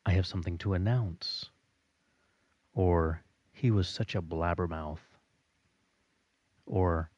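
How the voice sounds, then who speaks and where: Slow, deep-voiced male instructor. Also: a little mellow, no room sound, muffled recording. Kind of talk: recorded audio lesson.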